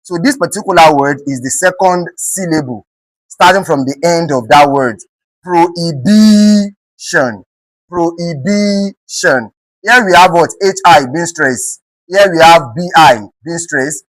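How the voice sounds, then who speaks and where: The voice is mid-range, recorded dry and at low quality: a Nigerian-accented teacher giving an English lesson for an exam. The class hears "what?" again and again, each time answered by the teacher, and words get spelled out letter by letter and slowly repeated.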